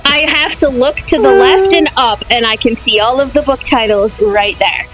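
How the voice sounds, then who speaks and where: A woman's voice: on the high side, normal speed, rough recording. A woman on a casual podcast book chat, teasing her friends, swearing and laughing often. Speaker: podcast co-host. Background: background music.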